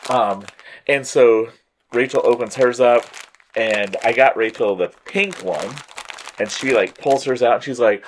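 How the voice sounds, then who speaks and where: Male co-host, casual chat, lively up-and-down pitch, stuffy from allergies, acts out reactions. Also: a little slow, slight background noise. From Colorado. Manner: animated storytelling, mimics others. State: congested from allergies. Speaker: toy show co-host.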